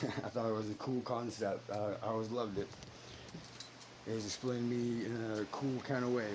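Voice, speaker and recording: A man talking about his beliefs in a casual, earnest monologue that turns suddenly loud and high at times. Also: steady tone, normal speed, background noise. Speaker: parent sharing personal beliefs.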